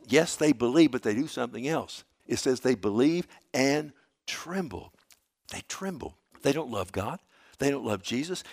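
A man's voice: lowish voice, creaky, dry recording, clean studio sound. A man preaching a sermon, fervent and emphatic, repeating phrases and calling listeners "loved one". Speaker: pastor. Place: church service.

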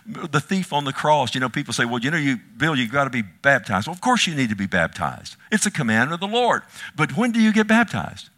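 Guy preaching a sermon, bright forceful voice, goes quiet then loud, keeps asking the crowd stuff. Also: medium pitch. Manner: emphatic, swings from hushed to loud, rhetorical questions to the congregation. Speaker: pastor.

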